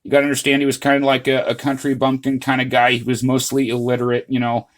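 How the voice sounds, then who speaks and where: A man's voice: medium pitch, completely flat delivery, fast talker. A man hosting his own channel, talking casually through a history topic in a rambling, earnest way, full of "uh, you know" fillers and restarts. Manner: earnest, addresses viewers as "guys". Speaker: channel host. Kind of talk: casual history vlog monologue.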